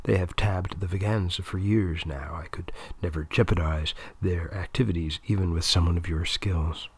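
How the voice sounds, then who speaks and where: A man reading the lines of a measured, formal older male tournament director in a story. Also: deep voice, steady tone, breathy edge. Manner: hushed, formal.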